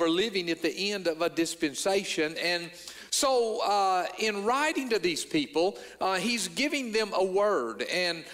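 A man's voice: high-pitched, fairly bright tone, big-room sound. A man preaching a sermon as a pastor, earnest, restarting and repeating words, rising in emphasis as he quotes scripture. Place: church sanctuary.

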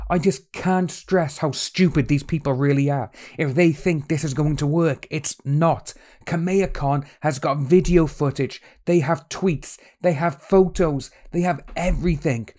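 A man's voice: fairly high pitch, animated, moderate pace, a little mellow. A man hosting a commentary video, talking in an exasperated, scornful way. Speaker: commentary channel host. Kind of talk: opinionated commentary.

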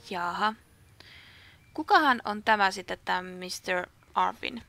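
A woman from Finland muttering quiet, casual asides while playing a game. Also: medium pitch, normal speed, vocal fry. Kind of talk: casual gameplay commentary.

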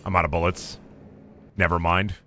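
A young man streaming a horror game live, excitable and foul-mouthed, yelping and taunting the game as he plays. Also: deep voice, normal speed, a little hiss or hum. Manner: excitable, swears often, yelps and taunts the game. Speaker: gaming streamer. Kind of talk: live gameplay commentary.

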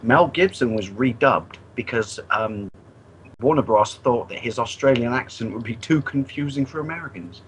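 A British man in casual podcast conversation, talking with animated, storytelling energy. His voice sits at an ordinary middle pitch. There is a faint hiss of noise behind him. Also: normal speed, poor audio. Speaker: podcast co-host. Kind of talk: casual chat.

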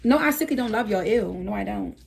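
A woman's voice: mid-range voice, expressive, brisk, gravelly, slightly rough. A young woman hosting a livestream, swearing and scolding her viewers while begging them for gifts. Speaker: livestream host. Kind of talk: casual livestream talk.

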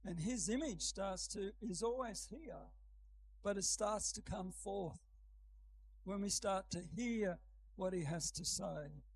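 An older man delivers a church sermon, his voice set high for a man and taking a slow, unhurried pace. He speaks gently, then lifts into an emphatic reading. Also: slight background noise, low-quality recording. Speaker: preacher.

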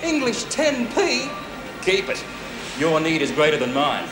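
An actor playing a dry, polite airport official in a sitcom. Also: male voice, on the high side, wildly swooping pitch, measured pace. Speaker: airport staff. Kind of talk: 1970s sitcom acting. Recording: roomy soundtrack with loud music.

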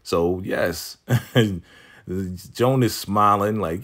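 Deep-voiced man recapping a TV episode. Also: unhurried. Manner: animated storytelling, acts out quotes. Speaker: TV recap vlogger.

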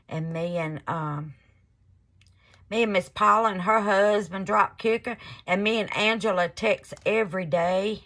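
A woman's voice: lowish voice, fairly bright tone. A woman hosting a casual crafting vlog, gushing over her work and calling viewers baby and y'all. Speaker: resin crafting channel host.

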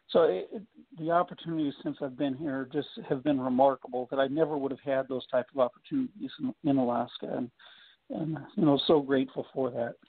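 Gravelly-voiced man on a phone line. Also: mid-range voice, no room sound. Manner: halting, many restarts and fillers. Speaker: country singer guest. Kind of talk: radio phone interview.

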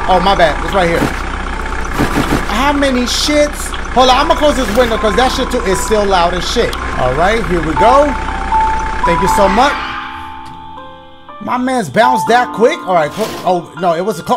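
A man with a high voice talks through a video game as he plays, joking around and swearing at every scare. Game music runs clearly under his commentary. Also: lively intonation, moderate pace, pauses often. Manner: joking, profane, reacts loudly to scares. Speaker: gaming YouTuber. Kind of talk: casual gameplay commentary.

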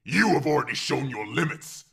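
Heavily acted, this man's fairly high, animated voice is pushed and bright as he plays an ancient evil being calling from a pit in an audiobook. He sounds cold, scornful, and menacing, his gravelly words slow, drawn-out, and commanding.

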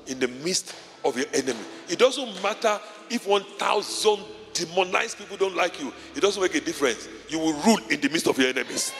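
In a large church auditorium, a male pastor preaches with fervor, repeating short phrases. His voice is high and a bit bright, there's slight background noise, and the recording carries long hall reverb with faint music.

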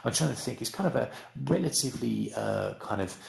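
A man's voice: medium pitch, expressive, a little fast, creaky, a little mellow, echoey room. A man with a British accent teaching a casual, rambling English lesson in a virtual room. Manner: chatty, rambling, self-deprecating.

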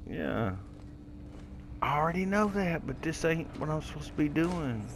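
This time the gameplay creator has a fairly high voice with lively intonation and moderate pace. He chatters casually to himself through his let's play, rambling and easily confused, against a noisy background.

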